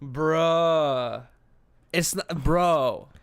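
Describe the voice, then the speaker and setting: A young man hosting a casual podcast chat, telling an animated, exasperated story with plenty of swearing. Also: on the high side, drawn-out words, smooth, no echo. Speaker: podcast host.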